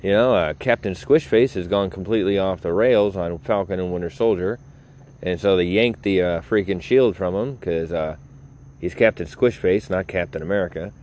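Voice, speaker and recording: A man's voice: low-pitched, moderate pace, darkish tone. A man hosting his own podcast, rambling casually, mocking himself and laughing at his own jokes, recorded on a phone. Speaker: podcast host.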